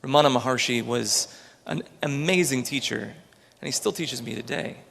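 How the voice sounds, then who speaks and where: A man's voice: medium pitch, normal speed, vocal fry, fairly bright tone, in a large hall. A man, an entrepreneur, giving an earnest, story-filled inspirational talk on a large auditorium stage.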